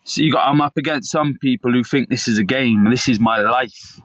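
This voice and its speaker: A man's voice: mid-range voice, brisk, fairly bright tone, highs cut off, slight background noise. A man, a fighter, talking in an interview with fired-up, emphatic passion and constant swearing. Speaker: MMA fighter, guest.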